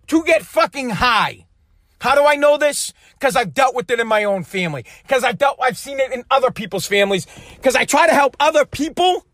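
A man, his voice strikingly high, rants bluntly and swears often. The recording is completely dry, with no room sound at all. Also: a bit bright, no room sound. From United States. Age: adult. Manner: profane, blunt, heated. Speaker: speaker telling a personal story. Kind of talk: ranting monologue.

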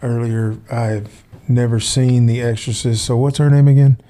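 A man's voice: medium pitch, steady tone, moderate pace, mellow. A man co-hosting a podcast in casual chat, wisecracking and playful. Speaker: podcast co-host.

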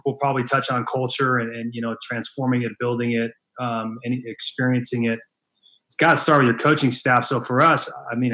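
A man's voice: medium pitch, fairly bright tone, poor audio. A man who is a head baseball coach, talking earnestly as a podcast guest and often restarting and repeating phrases. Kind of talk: casual interview talk.

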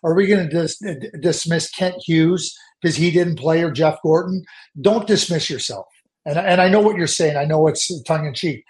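A middle-aged man with a noticeably high voice talks hockey as a guest analyst. He argues insistently, doubling back on words to hammer home his point. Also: moderate pace, darkish tone. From Canada. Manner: insistent, repeats words when pressing a point. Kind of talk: emphatic opinionated sports talk.

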